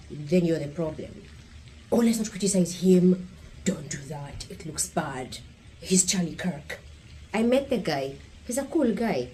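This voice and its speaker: A Kenyan woman talks straight to her viewers in a casual vlog, blunt and provocative. Her voice is warm and mellow, with a faint hiss of noise under it. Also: lowish voice, low-quality recording. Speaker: vlogger. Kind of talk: opinionated casual vlog commentary.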